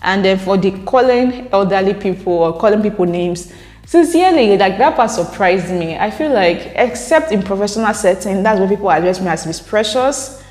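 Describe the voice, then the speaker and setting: A woman with a Nigerian accent vlogs casually, reacting to viewer comments and laughing often between points. Her expressive, mid-range voice moves at a normal speed with a darkish tone, faint music behind it and a roomy echo with long reverb.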